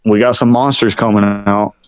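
A man's voice: on the low side, steady tone, moderate pace, clean tone, no room sound, rough recording. A man in his forties, a podcast guest, talking in a brash, profane, boastful way in casual chat.

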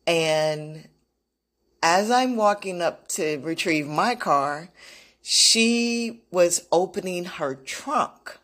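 A woman speaks in a slightly low voice, sharing a personal story in an earnest, unscripted way. She pauses and restarts often as she thinks aloud. Her tone is reflective and direct. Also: animated, a bit bright. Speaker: motivational vlogger.

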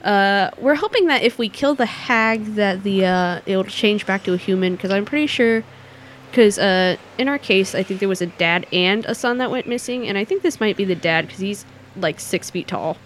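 A woman's voice: mid-range voice, normal speed, slight background noise. A woman playing a tabletop game, rambling and hesitant in character. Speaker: player. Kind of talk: tabletop game role-play.

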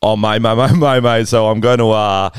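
A man's voice: fairly low pitch, steady tone, normal speed, smooth, no echo, clean studio sound, close to an everyday voice. A man voicing a rambling, oversharing middle-aged man with an Australian accent who stammers and repeats himself. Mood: confiding.

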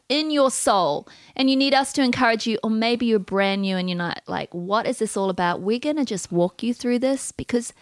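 An upbeat woman co-host chatting with a fairly high voice, recorded dry and close with no room sound. She talks in an encouraging pep-talk way. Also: no echo. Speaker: podcast co-host. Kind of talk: casual chat.

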